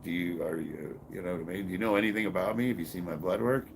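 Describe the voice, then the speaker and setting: A man's voice: low voice, quick pace, gravelly, a little hiss or hum. A fifty-year-old man from Illinois, reading his live-stream chat in a blunt, combative, profane way, with bursts of laughter. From Illinois, USA. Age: 50s. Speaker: powerlifter answering live chat.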